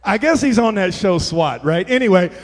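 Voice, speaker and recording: A man preaching a comic sermon, telling stories in a chatty way that builds to shouting. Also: high-pitched, animated, normal speed, long reverb tail.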